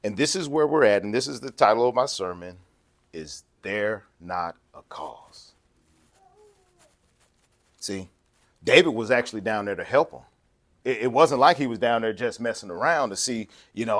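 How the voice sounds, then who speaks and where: A man preaching a sermon in a lively, conversational way, acting out quotes and laughing along the way. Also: on the low side, normal speed.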